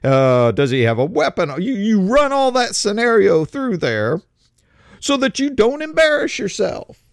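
A man from America talks through a casual commentary, often stumbling and repeating words before pushing on. His delivery swings up and down in pitch with a gravelly rasp. The sound is dry and close, with no room echo. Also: big pitch swings. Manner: halting, repeats words, restarts phrases. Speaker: political commentator.

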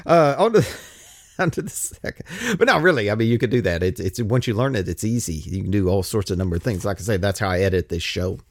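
A man's voice: on the low side, fast, dry recording, studio quality. A man hosting his own podcast, talking casually and restarting his phrases as he goes. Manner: animated, chatty, repeats words when restarting. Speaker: podcast host.

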